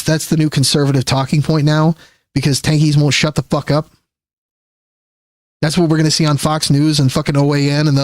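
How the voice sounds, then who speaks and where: A man's voice: no room sound, studio quality. Profane ranting male streamer. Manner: profane, rambling, exasperated; swings from high pitch to low mutter. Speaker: livestreamer. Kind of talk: ranting livestream commentary.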